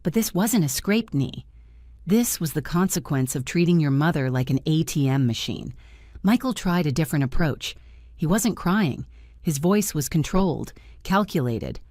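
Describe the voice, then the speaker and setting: An older woman narrating her own story in the first person, calm and firm. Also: low voice, normal speed, no echo, clean studio sound.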